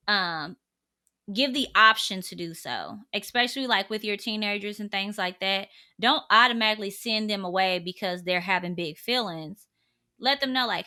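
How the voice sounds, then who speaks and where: A woman's voice: mid-range voice, normal speed, bright, forceful tone. A woman in her thirties talking casually and earnestly to camera, giving parenting advice drawn from her own family. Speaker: parenting vlogger.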